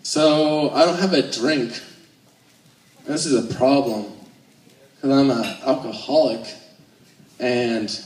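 Nervous, slow-talking young comedian. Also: male voice, a little high, darkish tone. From Alaska, United States. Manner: nervous, self-deprecating, crude jokes. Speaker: stand-up comedian. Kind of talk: stand-up comedy set. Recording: echoey room, voice far off.

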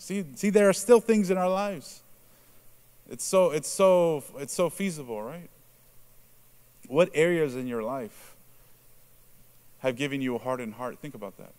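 A man's voice: expressive, normal speed, a little mellow, clean tone. A man preaching a sermon in a conversational way, asking the congregation questions and adding "right?" to his points. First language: Spanish. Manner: acts out quoted reactions in a lowered voice.

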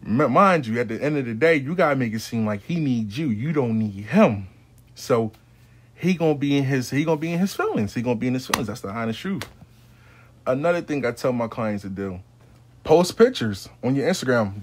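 A man talks through advice for his clients in a loose, rambling monologue. He swears freely and uses street slang, and his voice sits at a middle pitch. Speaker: spiritual adviser to clients.

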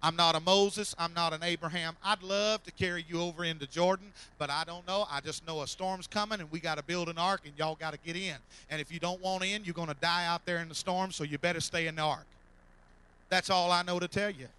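A man preaches from a church platform, his voice bright and forceful and pitched a bit high. He builds to fervent loud calls, then drops soft and repeats his lines. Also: fairly even intonation, fast talker, few pauses, smooth, rough recording. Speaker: pastor. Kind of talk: sermon. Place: church sanctuary.

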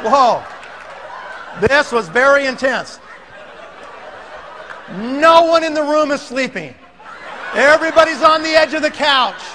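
A man telling a comic story to an audience, animated and laughing, acting out the scenes. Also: extremely high pitch, unhurried, pauses often, some chatter behind, a little hiss or hum. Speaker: speaker.

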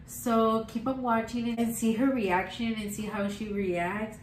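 Gushing young woman, slow roomy vlog. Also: on the high side, flat delivery, distant mic, slight background noise. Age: young adult. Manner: gushing, sentimental. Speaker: vlogger. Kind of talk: casual vlog talk to camera.

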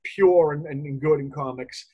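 High-voiced, rambling male co-host. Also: normal speed, breathy edge, dull audio. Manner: rambling, chatty, laughs often. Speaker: co-host of a comics review show. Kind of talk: casual podcast chat.

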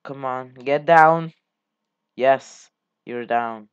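A man giving casual, halting gameplay commentary as a channel host. He rambles and swears casually as he plays. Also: medium pitch, clean tone, no echo. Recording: dull lo-fi mic.

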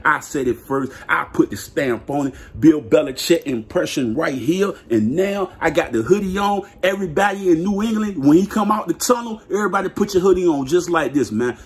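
A man vlogging a hyped, slangy football rant, laughing and repeating himself in his excitement. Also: a little high, brisk, few pauses. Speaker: sports vlogger.

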